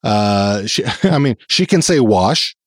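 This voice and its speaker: A man's voice: lowish voice, sing-song, slow, no echo, studio quality. A man from Texas co-hosting a podcast, chatting casually, laughing often and swearing freely. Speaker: podcast co-host. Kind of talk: casual chat.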